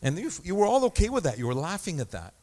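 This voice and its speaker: A man's voice: high voice, huge pitch swings, fast talker, warm tone. A man preaching a sermon as pastor, talking in a conversational way with self-deprecating asides and small stories.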